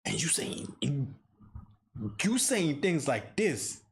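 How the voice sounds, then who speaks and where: Animated Zimbabwean man riffing on a clip. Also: on the high side, slow pace, slight background noise. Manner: playful, teasing, mock-apologetic. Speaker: reaction video host. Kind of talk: comedic reaction commentary.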